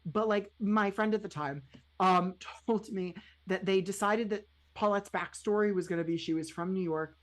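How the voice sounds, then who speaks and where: A woman's voice: medium pitch, normal speed. A woman co-hosting a podcast in casual chat, rambling and chatty with many fillers. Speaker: podcast co-host.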